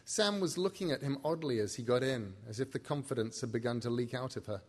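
A man narrating a novel in an easygoing reading voice. He now and then steps out of the story for a quick aside to the listener. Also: medium pitch, slightly rough, big-room sound. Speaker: audiobook reader.

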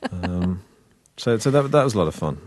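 Deep-voiced comic actor chatting. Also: male voice, very animated, normal speed, a little mellow. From Britain. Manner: anecdotal, self-interrupting, chuckling. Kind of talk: casual interview chat.

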